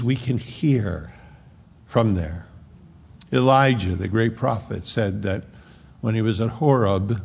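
A man preaching a sermon in a conversational, rambling way, with dramatic drops into soft, low tones. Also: vocal fry, breathy edge.

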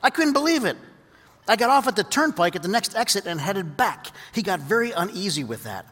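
Male preacher, sermon storyteller, pitched up, echoing through a big hall. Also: brisk. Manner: lively storyteller, drops to quiet earnest teaching. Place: large hall with audience. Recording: long hall reverb.

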